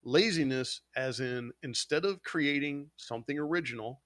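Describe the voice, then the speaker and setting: A man's voice: medium pitch, moderate pace, hardly any pauses, a bit bright, no room sound. A man co-hosting a casual gaming podcast, ranting with heavy swearing about game companies and mocking gamers. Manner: heated, swearing, mocks gamers in put-on quotes. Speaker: podcast co-host.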